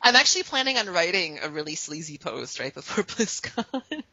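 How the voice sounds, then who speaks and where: A woman co-host with a low but bright voice chats in a loose, animated way, laughing easily as she talks. Her pitch swings widely. The sound is dry and dull, like a lo-fi call recording. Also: moderate pace, no echo. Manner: chatty, animated, laughs often. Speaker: podcast co-host. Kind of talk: casual chat. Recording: dull lo-fi phone-call audio.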